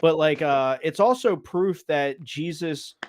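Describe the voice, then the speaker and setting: Male podcast host, a touch high-pitched, easy curious questioning. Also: a little hiss or hum. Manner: relaxed, curious questions, quick reactions. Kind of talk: casual chat.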